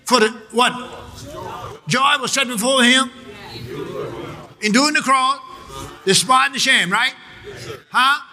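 A man delivering a sermon with a high, very bright and piercing voice. He preaches in call-and-response style and presses his points with repeated phrases. He keeps climbing into emphatic shouts. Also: measured pace, long pauses. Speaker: pastor.

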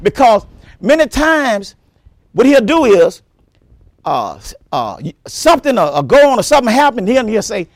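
Male pastor, high voice, lively swoops, emphatic repeated phrasing, dry sound. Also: normal speed, no room sound. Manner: emphatic preaching, repeats words, breaks into shouts. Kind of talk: sermon.

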